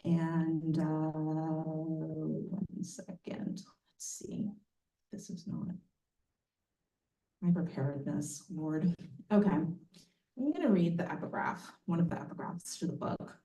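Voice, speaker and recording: Slow, mellow woman reading poetry. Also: sits low. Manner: rhythmic, deliberate reading broken by relaxed, laughing asides. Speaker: poet reading from a new book. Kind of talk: poetry reading with casual asides. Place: bookstore event space, indoors. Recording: echoey room from a distance.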